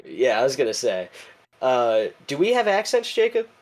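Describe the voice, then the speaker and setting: A man's voice: mid-range voice, wildly swooping pitch, moderate pace. A young man with a Chicago accent, chatting casually as a podcast co-host, joking and often trailing off. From Chicago area, United States. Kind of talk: casual chat.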